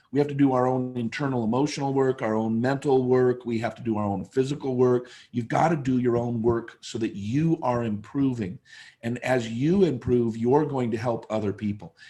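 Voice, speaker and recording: A man's voice: medium pitch, mellow. A man in his fifties, a guest speaker telling a story in an interview, emphatic and repeating phrases for effect. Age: 50s.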